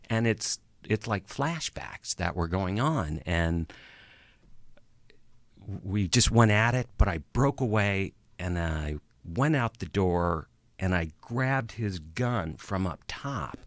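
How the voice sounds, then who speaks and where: Deep gravelly middle-aged man. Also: lively intonation, no room sound. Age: about 50. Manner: halting, with frequent pauses and restarts. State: emotional. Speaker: interview guest. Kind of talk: personal testimony in an interview.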